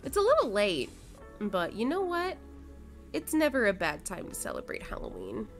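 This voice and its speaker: A woman's voice: mid-range voice, wildly swooping pitch, moderate pace, faint music behind. A young adult woman streaming a game, chatting casually with her chat, reading and answering messages, swearing and laughing. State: sleepy, yawning.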